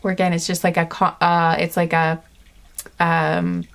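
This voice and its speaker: A woman giving an intuitive pick-a-card reading, chatting gently and earnestly with lots of fillers and restarts. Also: fairly low pitch, little pitch movement, a little slow, gravelly. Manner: rambling, many fillers and restarts. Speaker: tarot card reader.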